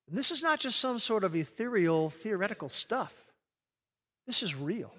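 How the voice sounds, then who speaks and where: Bright-voiced preacher in a reverberant hall. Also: male voice, high-pitched, big pitch swings, normal speed. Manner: earnest, drops to a soft hush on key phrases. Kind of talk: sermon.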